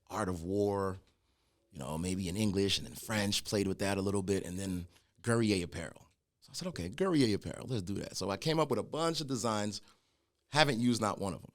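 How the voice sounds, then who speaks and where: A middle-aged man, a guest telling his own story in a casual conversation, animated and acting out the voices of people he quotes. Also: lowish voice. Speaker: guest, clothing brand founder.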